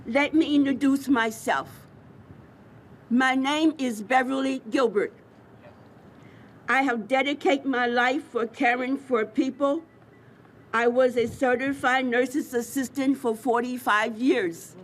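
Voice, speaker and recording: A woman's voice: sits high, steady tone, slow pace. An older woman, a resident, giving nervous, flustered remarks at a public ceremony. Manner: nervous, flustered, breathy asides. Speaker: resident speaker. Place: outdoor ceremony. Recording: outdoor event with clear background noise.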